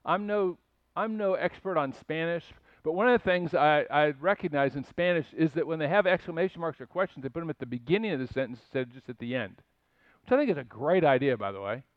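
Older male pastor, high voice, chatty sermon with asides; dry, slightly dull recording. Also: animated, fast, no echo. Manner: conversational storytelling with asides and rhetorical questions.

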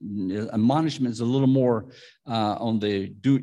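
A man's voice: on the low side, unhurried, warm tone. A man preaching a conversational sermon, with asides and frequent restarts. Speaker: pastor.

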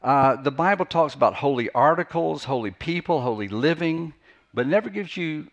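A man's voice: fairly high pitch, lively intonation, normal speed, dull audio. A man preaching an unscripted teaching sermon, earnest, often repeating phrases for emphasis and restarting his sentences. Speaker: pastor.

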